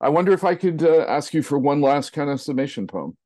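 Male radio host, dry studio sound; appreciative, halting interviewer. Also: a little high, animated, a little mellow, dry recording. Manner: appreciative, halting with fillers and restarts.

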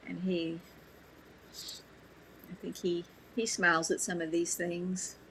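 A woman's voice: on the low side, level tone, slow pace, a bit bright, rough recording. Lady cohost on a radio show, earnest, stumbles and repeats words, faint hiss behind. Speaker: radio co-host. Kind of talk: casual chat.

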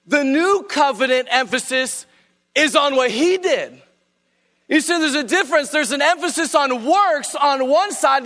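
High, bright-voiced preacher man. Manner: emphatic, urging listeners to underline scripture. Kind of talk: sermon. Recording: long hall reverb.

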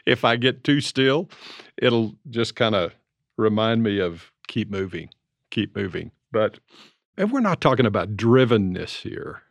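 A man in his seventies telling stories in a relaxed, reflective conversation as co-host. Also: lowish voice, a little slow, vocal fry, no room sound. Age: 70s. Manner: storytelling, reflective. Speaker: podcast co-host. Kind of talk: casual conversation. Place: Colorado.

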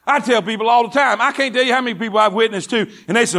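A man's voice: very high-pitched, rapid-fire, few pauses, sharp tone. A male pastor preaching a sermon in a church, impassioned and repetitive, calling the congregation to respond. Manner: impassioned, repeats phrases, calls for congregation response. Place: church sanctuary.

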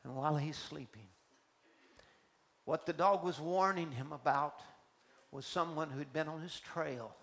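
Slow, gravelly-voiced man preaching. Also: on the high side. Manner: emphatic, slow and deliberate, swinging between soft and loud. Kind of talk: sermon. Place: church.

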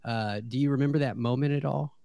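A man with a mellow, mid-pitched voice co-hosts a podcast. He asks earnest questions and restarts them as he goes, recorded dry and close. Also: fairly quick, gravelly, no echo. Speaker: podcast co-host. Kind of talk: casual podcast interview.

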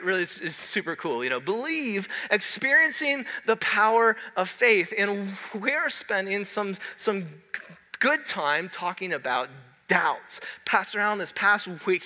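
A man in his thirties preaching a sermon in a large church hall, telling a story in a lively, conversational way. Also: high voice. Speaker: pastor. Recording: long hall reverb.

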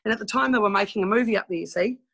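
A woman's voice: mid-range voice, very fast, a bit bright, husky, rough recording. A woman from New Zealand with a New Zealand accent, frankly telling stories from her past in a casual interview. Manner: chatty and frank, with mild swearing and laughing asides. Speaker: guest telling life stories.

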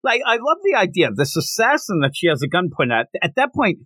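A man's voice: sits high, fast, dry recording. A man co-hosting a manga podcast, retelling scenes with gusto and acting out characters' lines. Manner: animated storyteller, acts out characters' lines. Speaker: podcast co-host. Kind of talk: casual chat, manga review.

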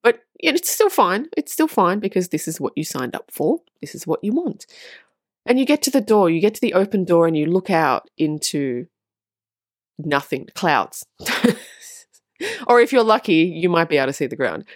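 Earnest low-voiced woman vlogger. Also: big pitch swings, moderate pace, no room sound, clean studio sound. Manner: earnest and emphatic, repeats phrases for stress; swears casually. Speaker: spiritual vlogger on twin flames. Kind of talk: casual monologue to viewers.

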